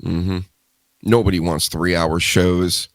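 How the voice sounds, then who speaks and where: A man's voice: low-pitched, slow, no room sound. A man hosting a wrestling talk podcast, ranting casually with a lot of swearing. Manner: profane, animated ranting. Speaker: podcast host.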